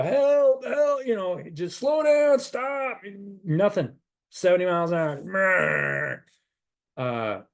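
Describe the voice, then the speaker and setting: A middle-aged man, a spiritual advisor, telling a rambling, animated story and giving casual advice. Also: medium pitch.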